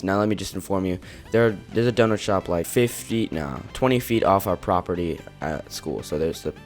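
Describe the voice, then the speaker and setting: A man's voice: sits low, a little mellow. A teenage boy vlogger, just woken up, telling a rambling story in casual speech full of restarts and quoted dialogue. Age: teens. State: just woke up.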